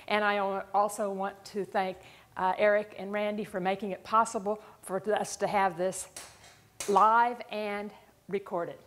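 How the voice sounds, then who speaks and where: A woman hosting an educational webinar, giving thankful closing remarks with frequent "uh" fillers. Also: mid-range voice. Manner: warm, thankful, halting with fillers. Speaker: webinar host.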